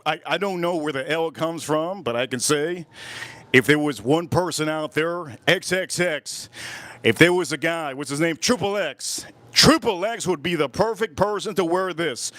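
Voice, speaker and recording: A man's voice: on the high side, fairly bright tone, no echo. Emphatic rambling man, dry close sound. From United States. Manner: restarts often. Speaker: fragrance reviewer. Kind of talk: casual review monologue.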